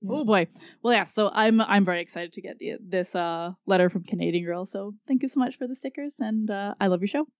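A woman hosting a podcast, chatty and excitable, talking casually. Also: mid-range voice, brisk, dry recording, studio quality. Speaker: podcast host.

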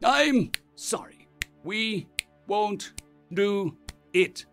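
A man playing a ruthless human fleet admiral who speaks with cold menace and raises his voice to shouting. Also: high voice, big pitch swings, moderate pace, vocal fry, faint music behind, voice pushed up, heavily acted. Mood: menacing.

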